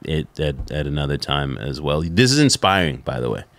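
A middle-aged man talking as a podcast guest in a relaxed, halting way, often restarting his phrases. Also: extremely low pitch, dry recording. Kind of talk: casual interview chat.

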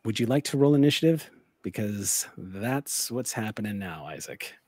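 A man as game master, narrating a tabletop game with vivid, deliberate description. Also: on the low side, lively intonation, a little mellow, dry recording, studio quality.

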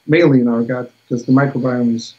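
A man explains his field as a guest on a video call, pausing often and filling gaps with ums and uhs. His delivery stays level and even, and the call audio sounds dull and lo-fi. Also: medium pitch. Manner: hesitant, many fillers, even delivery. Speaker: guest expert. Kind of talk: casual science interview.

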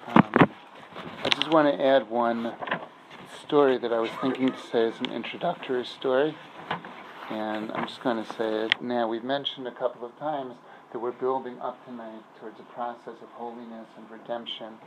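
A rabbi leads an informal class in a synagogue, telling stories and analogies conversationally and pausing to find his words. His mid-range voice holds a steady tone over background noise.

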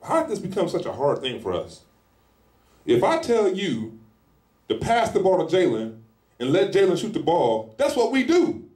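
Male preacher, fairly high voice, lively sermon, echoey church hall. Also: moderate pace. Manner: animated, acts out scenes in lively voices; speaks in informal colloquial style.

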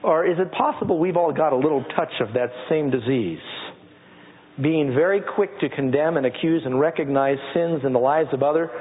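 Pastor, middle-aged man, slightly high voice, conversational sermon delivery, lo-fi recording. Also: normal speed. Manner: conversational preaching, reads scripture aloud and asks the congregation to repeat lines. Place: church sanctuary with congregation. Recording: lo-fi phone-like audio with long hall reverb.

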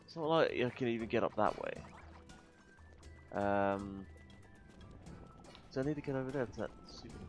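A man commentating his gameplay, muttering to himself between loud, swearing outbursts, a little tired. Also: mid-range voice, normal speed, pauses often. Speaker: gaming video host. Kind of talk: let's play commentary. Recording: faint game music behind.

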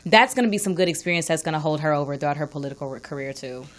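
A woman's voice: low voice, racing, a little hiss or hum. A woman from the Bronx with a New York accent, co-hosting a casual podcast chat, thoughtful and agreeable with lots of affirming murmurs. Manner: thoughtful, agreeable, frequent backchannels. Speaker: podcast co-host.

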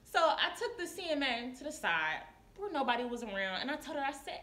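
Give me a woman nurse telling a story in a casual confessional way, with a lively up-and-down voice. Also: high voice, a little fast, few pauses. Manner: animated, acts out coworkers' voices. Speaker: licensed practical nurse. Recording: echoey room.

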